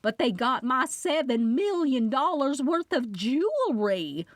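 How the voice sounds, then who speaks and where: A woman's voice: sits high, big pitch swings, no echo, clean studio sound, pitched above the performer's own voice. A woman voicing a stern, wealthy Southern woman who screeches and draws out her words, with a Southern accent, in an audiobook. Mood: indignant. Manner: screeching, drawn-out, indignant.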